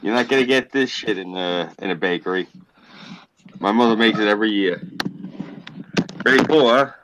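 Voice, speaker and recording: A man chatting casually with friends on a group call, animated and swearing freely. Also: fairly low pitch, normal speed, background noise. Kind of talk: casual chat.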